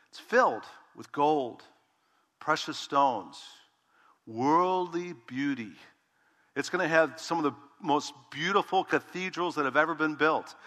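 A man preaches a verse-by-verse sermon from the pulpit, his voice bright and forceful. He keeps it conversational and often calls for an "amen" from the pews. The sound carries a long reverb from a large church hall. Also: fairly high pitch. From Dutch heritage. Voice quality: bald preacher self-described. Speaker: pastor. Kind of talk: expository sermon.

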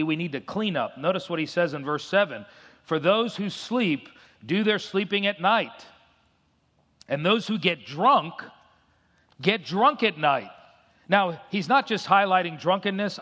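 A man's voice: a little high, fairly bright tone. Emphatic middle-aged male preacher in a reverberant hall. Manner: emphatic, repeats key phrases, reads scripture slowly. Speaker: pastor. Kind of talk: sermon.

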